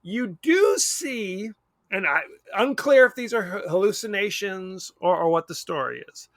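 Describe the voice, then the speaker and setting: A man's voice: sits high, expressive, measured pace, a bit bright, no echo. A man co-hosting a podcast, talking about a movie in a rambling, wry way and often correcting himself. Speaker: podcast co-host. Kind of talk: casual movie chat.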